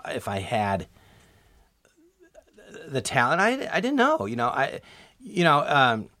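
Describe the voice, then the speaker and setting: Man, comedian guest, animated storyteller, bright tone, dry close sound. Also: mid-range voice, no room sound. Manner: animated, acts out quoted dialogue with many "I go"s. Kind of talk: storytelling in a podcast interview.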